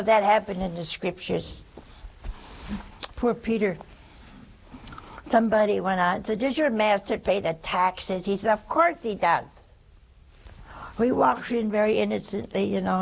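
Older female preacher, gravelly, unhurried, folksy and animated, faint hiss behind. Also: mid-range voice, rough recording. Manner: folksy and animated, swinging between loud bursts and hushed asides. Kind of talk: sermon.

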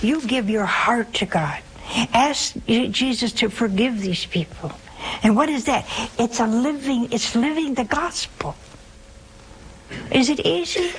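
A woman hosting a call-in show as a religious sister, giving emphatic spiritual advice with wide swings in pitch. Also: slight background noise, low-quality recording.

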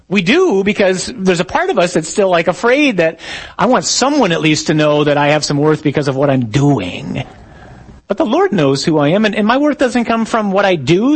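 A man's voice: high voice, husky, rough recording. A man, a priest, giving a conversational teaching talk to a live audience, with jokes and stories along the way. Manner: conversational, joking, tells stories.

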